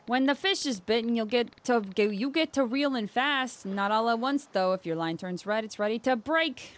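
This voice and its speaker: A woman voicing an old, seafaring fishing mentor, reading game dialogue aloud with a slow, instructive, sing-song delivery. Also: a little high, slight background noise, lightly acted.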